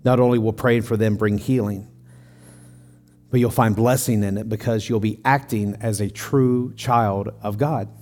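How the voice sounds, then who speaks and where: A middle-aged man preaching a sermon in an earnest way, rising to an emotional pitch as he tells a personal story. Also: fairly even intonation, normal speed, a little mellow. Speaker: pastor.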